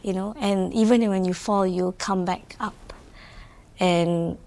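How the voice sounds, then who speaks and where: A woman's voice: on the low side, fairly even intonation, measured pace, darkish tone. A woman entrepreneur with a Malaysian accent, speaking earnestly in an interview and mixing Malay words into her English. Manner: earnest, mixing English with Malay fillers, frequent "you know". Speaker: entrepreneur and guest. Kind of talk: reflective interview chat.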